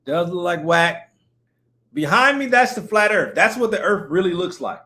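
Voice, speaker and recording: A man's voice: high voice, expressive, normal speed, pushed and bright. Rambling, jokey male live streamer. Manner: rambling, jokey, greets viewers by name. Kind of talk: casual live-stream chat. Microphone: streaming setup mic.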